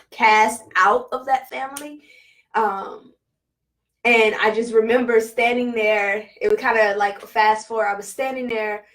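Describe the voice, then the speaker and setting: A woman vlogger telling a personal spiritual story in a casual, halting way, full of fillers and emotion. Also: a little high, recorded from a distance, rough recording.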